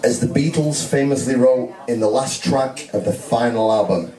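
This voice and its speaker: A man's voice: medium pitch, moderate pace, mellow. A man giving a joking, self-mocking groom's speech at a wedding reception. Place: wedding reception hall with guests. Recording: echoey hall, heard from a distance, with a crowd.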